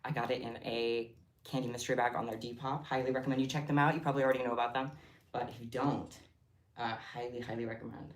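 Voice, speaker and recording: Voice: medium pitch, little pitch movement, fast. Livestream host, casual crafting chat, rambling tangents, giggly, medium voice, echoey room. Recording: roomy echo.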